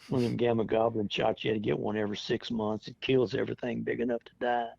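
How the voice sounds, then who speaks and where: A man's voice: medium pitch, flat delivery, fairly quick, a little mellow, no echo. A man in his seventies, a veteran telling stories in an oral history interview, chatty and often laughing as he acts out what people said. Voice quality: gravelly, husky. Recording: dull lo-fi dry recording.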